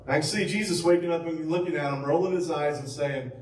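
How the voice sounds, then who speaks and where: A man's voice: on the high side, quick pace, slight background noise. A man preaching as pastor, telling the story conversationally with rhetorical questions and fillers. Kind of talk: sermon. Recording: echoey room from far off with faint ambience.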